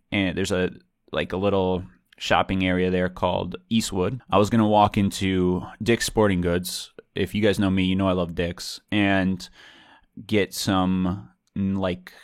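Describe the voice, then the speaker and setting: A man's voice: sits low, no room sound, clean studio sound. A man telling a story in a casual monologue, rambling, correcting himself and using many fillers.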